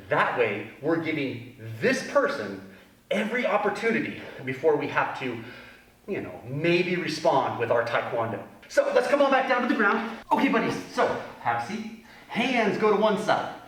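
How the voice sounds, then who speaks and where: A man's voice: mid-range voice, fairly bright tone. A man leading a children's taekwondo class, upbeat and playful with goofy asides. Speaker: kids' taekwondo instructor in costume. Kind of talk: children's fitness class instruction. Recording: echoey room from a distance with music.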